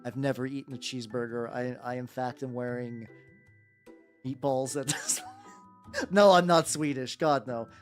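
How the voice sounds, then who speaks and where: A woman's voice: extremely low pitch, measured pace. A woman streaming while she paints miniatures, chatting casually with viewers in a playful, rambling way with some swearing. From United States. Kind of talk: casual livestream chat. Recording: faint background music.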